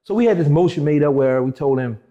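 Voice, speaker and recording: Fast-talking man telling a story. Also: on the high side, dull audio. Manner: animated, acts out quoted dialogue in shifting voices. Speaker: interview guest. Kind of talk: casual storytelling.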